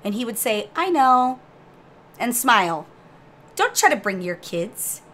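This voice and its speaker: A woman co-hosting a casual gaming podcast, telling stories in a brash, profane, teasing way. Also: fairly high pitch. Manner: brash, profane storyteller, animated and quick to tease. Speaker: podcast co-host and guild master.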